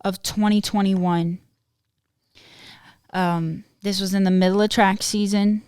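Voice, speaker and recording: A woman in her twenties hosting a podcast, telling a personal story in a lively, animated way and laughing often. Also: mid-range voice, slow, clear, resonant tone, no echo, studio quality. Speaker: podcast host. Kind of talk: casual storytelling chat.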